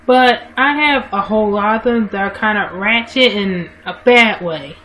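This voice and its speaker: Her medium-pitched, somewhat bright voice moves at normal speed over a rough webcam-mic recording with a little hiss or hum. She chats casually to her livestream viewers, rambling and repeatedly restarting or correcting herself.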